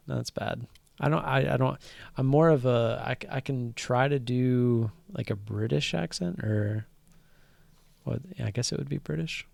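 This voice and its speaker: Male stream host, casual and rambling, gravelly fry, dry close sound. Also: mid-range voice, steady tone, moderate pace, a little mellow, no room sound. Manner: rambling, with many fillers and restarts. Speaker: stock trading live stream host. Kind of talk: casual live-stream chat.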